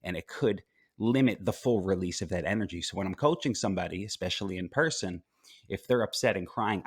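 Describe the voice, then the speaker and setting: A reflective life coach speaks in a relaxed, unhurried way, pausing on fillers and restarting his thoughts. His voice sits very low in pitch, and the recording is close and dry, with no room sound. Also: breathy edge, dry recording. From United States. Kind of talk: conversational podcast interview.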